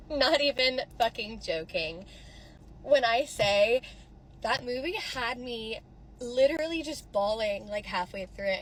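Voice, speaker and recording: A woman's voice: medium pitch, a little hiss or hum, low-quality recording. A woman talking casually into her phone outside a theater, rambling, swearing and tearing up as she speaks. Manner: emotional, rambling, swearing, tearful. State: crying. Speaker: social media creator. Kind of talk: casual vlog reaction. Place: outdoors near a theater.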